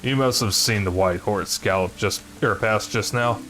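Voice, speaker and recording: A man's voice: fairly low pitch, normal speed, fairly bright tone, lightly acted. A man doing an arrogant evil sorcerer king. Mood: menacing. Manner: menacing, taunting.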